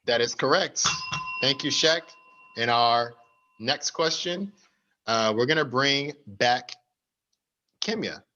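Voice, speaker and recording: A man's voice: medium pitch, expressive, slow pace, long pauses, pushed and bright, lo-fi sound. A man hosting an online party game over a video call, with an upbeat, announcer-like delivery. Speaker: game host.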